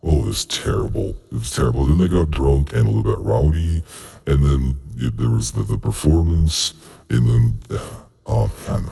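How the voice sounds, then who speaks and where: A man gives voice to a young working woman overwhelmed by sudden tentacles, rambling and near tears. The voice sits extremely deep, with a gravelly rasp and a breathy husk. It is a tabletop role-play in character. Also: expressive, normal speed, warm tone, full character voice. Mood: upset. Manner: tearful, rambling, oversharing. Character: flustered young woman worker sprouting tentacles.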